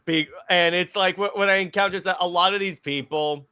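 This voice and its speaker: A man chatting casually on a geek podcast, quick and talkative. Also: sits high, fairly even intonation, pushed and bright, clear, resonant tone. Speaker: podcast co-host. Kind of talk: casual chat.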